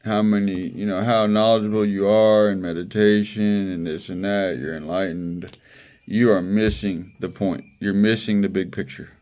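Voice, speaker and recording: A man's voice: lowish voice, steady tone, moderate pace, a little mellow. Brief: male preacher, informal and conversational, drives points home by repetition. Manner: conversational, repeats phrases for emphasis, laughs. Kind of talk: casual sermon.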